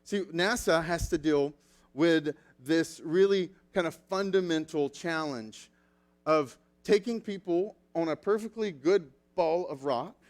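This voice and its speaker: A male pastor delivering a sermon with a fairly high voice. He tells lively stories and acts out quotes along the way. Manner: animated storytelling with acted quotes.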